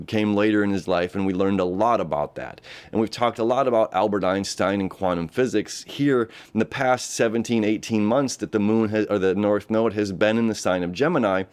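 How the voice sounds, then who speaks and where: This fairly low, clear, resonant voice belongs to a man from the United States giving a relaxed astrology talk into a camera setup. He rambles, goes over the same points again, and laughs a lot.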